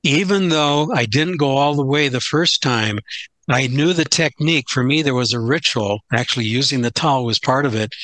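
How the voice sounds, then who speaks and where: Older male guest speaker, bright tone, dry close sound, candid storyteller who restarts phrases. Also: mid-range voice, normal speed, dry recording. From United States. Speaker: guest speaker, philosophy professor. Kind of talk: conversational storytelling.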